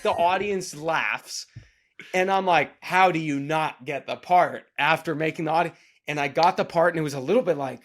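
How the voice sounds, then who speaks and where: A man telling a story as a podcast guest, casual and animated, with loud bursts when he acts out lines. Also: fairly high pitch, moderate pace. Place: podcast studio.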